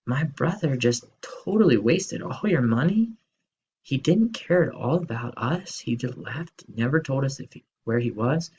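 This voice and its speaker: A man's voice: a little high, expressive, unhurried, vocal fry, dark tone, breathy edge, muffled recording, pitched above the performer's own voice, full character voice. A man voicing an indignant, complaining older brother. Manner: complaining, exasperated.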